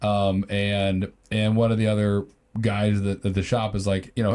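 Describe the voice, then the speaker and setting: A man's voice: lowish voice, level tone, normal speed, darkish tone, smooth. Rambling man improvising a story. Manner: rambling, many fillers. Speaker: podcast co-host.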